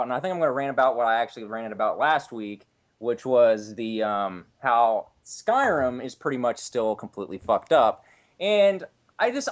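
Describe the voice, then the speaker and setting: A man ranting on a casual podcast in a sarcastic, profane, exasperated way. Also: medium pitch. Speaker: guest ranter.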